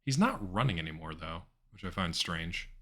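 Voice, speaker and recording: A man's voice: low voice, sing-song, normal speed, bright, forceful tone. A man streaming a video game live, chatting casually with viewers and rambling with plenty of fillers. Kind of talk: casual live-stream commentary while gaming.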